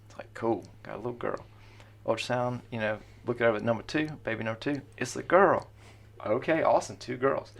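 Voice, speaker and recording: A man's voice: mid-range voice, fairly even intonation, quick pace, creaky. A middle-aged man casually telling the story of his family, rambling with lots of fillers. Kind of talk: personal storytelling.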